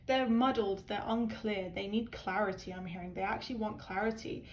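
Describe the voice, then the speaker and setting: An earnest woman talks through a tarot card reading to her viewers, her voice at a middling pitch. She rambles and circles back, filling gaps with "um" and "like". A faint hiss sits under her voice. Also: steady tone, moderate pace. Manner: rambling, full of "um" and "like"; earnest, emotional.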